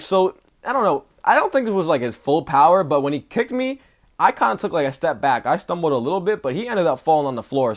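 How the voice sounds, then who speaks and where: A young man vlogging, telling a story in a casual, animated way with lots of slang. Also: mid-range voice. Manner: animated, slangy, says "bro" often. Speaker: travel vlogger.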